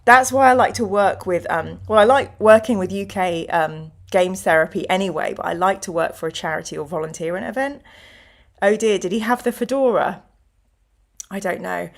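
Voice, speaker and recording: A woman's voice: mid-range voice, normal speed, creaky. A middle-aged woman hosts a show, chatting casually and telling stories in which she acts out other people's voices. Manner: chatty storyteller who acts out quoted voices. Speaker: host. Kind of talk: casual chat.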